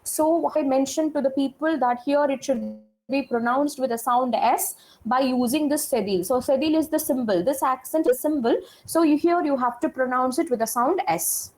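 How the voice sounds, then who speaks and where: A woman's voice: high-pitched, normal speed, a little mellow, poor audio. A woman teaching a French class, explaining patiently and repeating points while checking that her students follow. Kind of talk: classroom lecture.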